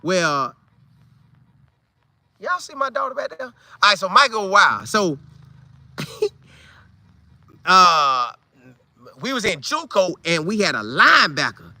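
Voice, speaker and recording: A man telling a funny old football story casually, with loud sound effects and vivid retelling. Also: high-pitched, very animated, slow, pauses often, no room sound. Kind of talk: animated storytelling.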